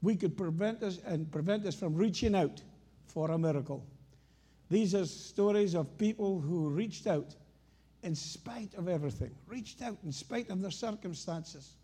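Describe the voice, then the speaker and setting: Husky high-voiced Scottish preacher. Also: male voice, moderate pace, warm tone. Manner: storytelling, anecdotal, rising to emphatic. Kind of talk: sermon.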